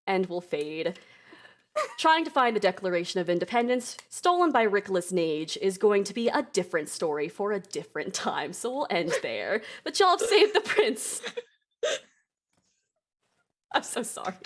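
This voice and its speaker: Giggly woman with a lively voice. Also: lowish voice, normal speed. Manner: giggly, laughs often. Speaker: game master. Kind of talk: narrating a tabletop game.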